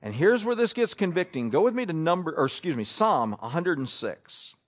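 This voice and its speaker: A man's voice: fairly high pitch, sing-song, brisk. A man preaching a sermon in a conversational way, asking his listeners questions as he reads and explains scripture.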